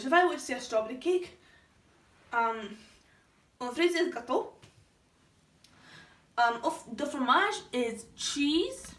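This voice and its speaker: A high-pitched woman talks through a vocabulary lesson, explaining each word chattily with plenty of ums. She sounds a little far from the microphone, in an echoey room. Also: fairly bright tone. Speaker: French teacher. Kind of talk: classroom-style vocabulary lesson. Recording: echoey room, somewhat distant from the mic.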